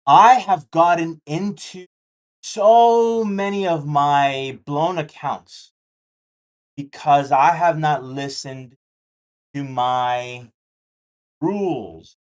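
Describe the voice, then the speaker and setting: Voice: mid-range voice, very slow, long pauses. A day trading vlogger talking candidly and casually, repeating key points and making jokey asides while sketching a chart.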